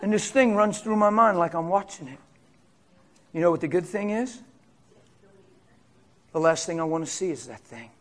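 A man preaching a sermon as pastor, swinging from hushed storytelling to loud, fervent shouting. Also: sits high, lively intonation, moderate pace, pauses often.

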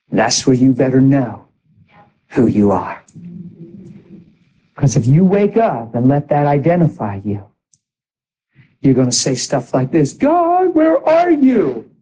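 A man preaching a sermon in an animated way, exhorting the congregation with asides. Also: medium pitch, husky, low-quality recording.

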